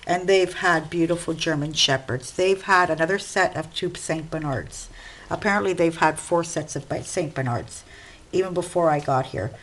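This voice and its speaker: Chatty woman with a lowish voice. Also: normal speed, rough recording. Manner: chatty, rambling, addresses viewers directly. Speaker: crafting vlogger. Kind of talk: casual chat while working at her desk. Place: home craft desk.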